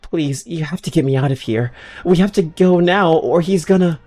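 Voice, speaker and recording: A man's voice: on the high side, moderate pace, darkish tone, faint music behind, voice pushed up, lightly acted. A man voicing a frightened captive in a game, begging urgently to be rescued. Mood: desperate. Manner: pleading, urgent.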